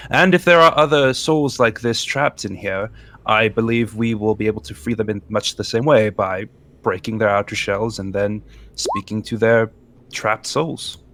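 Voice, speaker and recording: A man's voice: lowish voice, fairly bright tone. A man playing a tabletop role-playing game, talking in character with polite, formal phrasing and hesitant fillers. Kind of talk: in-character role-play chat.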